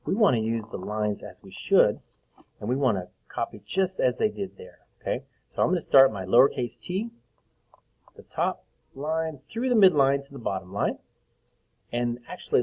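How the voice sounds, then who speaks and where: A man teaching a phonics lesson to young children, patiently drawing out each sound and clearing his throat now and then. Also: mid-range voice. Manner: slow, patient, drawn-out sounds. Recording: tinny phone-like recording.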